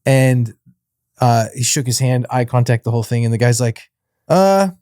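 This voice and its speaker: A middle-aged man co-hosting a casual faith podcast, telling a family story with lively acted-out dialogue and frequent laughs. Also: mid-range voice, fairly quick, dry recording, clean studio sound. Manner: animated storyteller, acts out dialogue, laughs often. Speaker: podcast co-host.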